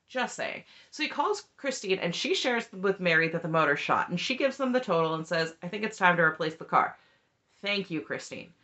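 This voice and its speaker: Woman, recap vlogger, chatty, opinionated, animated pitch, muffled lo-fi sound. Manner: chatty, opinionated, repeats "just saying" and "I don't know".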